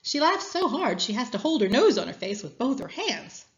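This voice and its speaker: A woman reading a children's story aloud as a guest speaker, with expressive storytelling. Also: on the high side, normal speed, dull audio.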